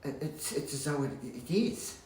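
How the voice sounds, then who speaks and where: A man's voice: fairly high pitch, lively intonation, darkish tone. Rambling man in an echoey room. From Australia. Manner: rambling, halting restarts, blunt swearing. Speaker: vlogger. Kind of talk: casual rant to camera. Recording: roomy echo, faint background hum.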